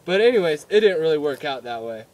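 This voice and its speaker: A man's voice: a little high, very animated, quick pace, darkish tone. Rambling, giggly young man vlogging. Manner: rambling, giggly, with many fillers and restarts. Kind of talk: casual storytelling vlog.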